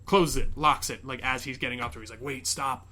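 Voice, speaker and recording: Rambling, bright-voiced podcast man. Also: mid-range voice, fast talker. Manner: rambling, many fillers and swearing, quotes characters. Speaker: podcast host. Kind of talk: casual chat, retelling a movie plot.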